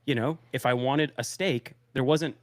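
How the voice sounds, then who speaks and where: A man's voice: mid-range voice, normal speed, no room sound. A man co-hosting a podcast, casually retelling a friend's travel stories with lots of filler words. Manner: rambling storyteller, quotes others, many fillers. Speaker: podcast co-host.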